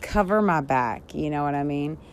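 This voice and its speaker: A woman's voice: sits low, lively intonation, normal speed, slight background noise. A woman co-hosting a casual chat podcast, giggly and playful as she reads slang definitions aloud. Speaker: podcast co-host.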